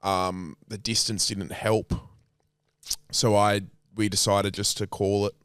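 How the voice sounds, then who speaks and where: A man's voice: on the low side, flat delivery, slow, a bit bright, clear, resonant tone, no room sound, clean studio sound. An Australian man in his twenties co-hosting a podcast, talking bluntly and casually with plenty of swearing. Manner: sweary, blunt, laid-back. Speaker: podcast co-host. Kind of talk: casual chat.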